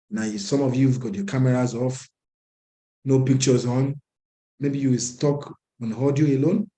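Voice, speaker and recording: A man's voice: mid-range voice, steady tone, normal speed, dark tone, rough recording. A man who is president of the group, giving a motivational address at an online meeting and repeating lines for emphasis. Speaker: organization president. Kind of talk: motivational address on a video call.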